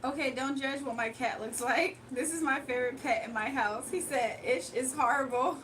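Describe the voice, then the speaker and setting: A woman's voice: high voice, normal speed, a bit bright, far from the mic, a little hiss or hum. A young woman hosting a casual livestream, chatting with her viewers, gushing and laughing often. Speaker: livestream host.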